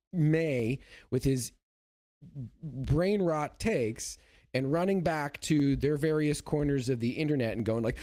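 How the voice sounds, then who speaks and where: A middle-aged man co-hosting a podcast, ranting in a mocking, profane way. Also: medium pitch. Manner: animated, profane, mocking voices. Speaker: podcast co-host. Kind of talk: ranting casual chat.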